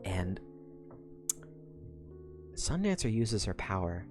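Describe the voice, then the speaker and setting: A woman's voice: rumbling low, measured pace, long pauses, faint music behind. A woman streamer casually recapping a story, swearing a lot and laughing often. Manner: profane, animated, laughs often.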